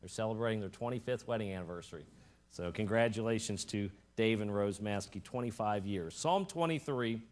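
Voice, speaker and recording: Man preaching an emphatic sermon. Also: brisk. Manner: announcements and prayer, then emphatic preaching that rises in pitch and loudness. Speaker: pastor. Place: church service.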